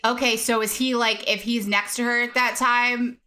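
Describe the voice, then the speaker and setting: Female podcast guest, bright and a bit high, curious questioning chat. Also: level tone, moderate pace. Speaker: podcast co-host. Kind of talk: casual chat.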